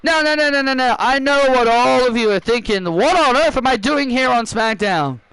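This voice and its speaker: A man's voice: extremely high pitch, expressive, normal speed, fairly bright tone, clear, resonant tone, no room sound, full character voice, poor audio. A man voicing a cocky female wrestler who shows up demanding a title shot, in a mocking, boastful way. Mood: smug. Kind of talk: voicing wrestlers over a video game.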